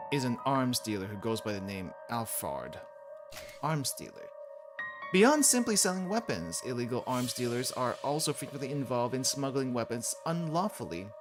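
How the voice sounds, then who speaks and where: A man voicing a stern, reserved American agent who talks in a low mutter. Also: lightly acted. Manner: quiet, low muttering delivery.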